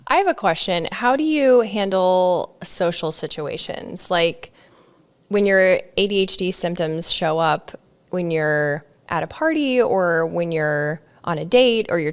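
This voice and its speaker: A woman's voice: on the low side, clean tone. A woman hosting a podcast, talking casually and candidly, playful when she quotes herself. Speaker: podcast host.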